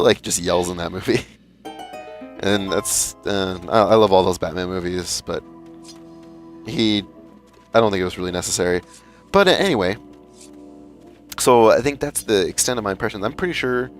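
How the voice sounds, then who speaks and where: A young man chatting casually as a let's play gamer, rambling and often restarting his sentences. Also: lowish voice. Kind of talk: casual commentary.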